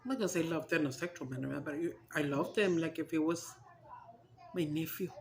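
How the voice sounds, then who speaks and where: A woman's voice: low voice, brisk, a little hiss or hum. Giggly woman vlogger. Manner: giggly, breaks into laughter, mixes Spanish into English. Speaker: mukbang vlogger. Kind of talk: casual chat to viewers.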